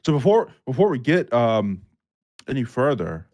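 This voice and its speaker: A man's voice: mid-range voice, sing-song, normal speed, darkish tone. A young man hosting a podcast, joking around and swearing freely in casual chat. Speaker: podcast host.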